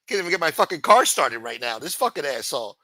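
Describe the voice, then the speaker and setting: A male livestream host rants in a sarcastic, profanity-laced tirade. His pitch swings widely and his tone is bright and cutting. The sound is close and dry. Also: big pitch swings, quick pace, no echo, poor audio. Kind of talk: ranting livestream commentary.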